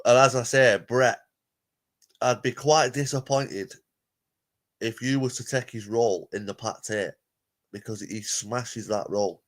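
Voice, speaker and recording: A man at a typical middle pitch hosts a live reaction stream. He talks casually and comments on the clips he plays, and he keeps addressing his viewers directly. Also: fairly even intonation, unhurried, long pauses. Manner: chatty, addresses viewers as "people".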